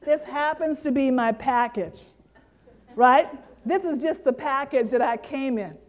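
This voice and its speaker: Middle-aged woman with a high voice, from the Caribbean, delivering a lively interactive keynote. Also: unhurried. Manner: lively, interactive, talks to the audience directly. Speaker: keynote speaker. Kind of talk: motivational keynote speech.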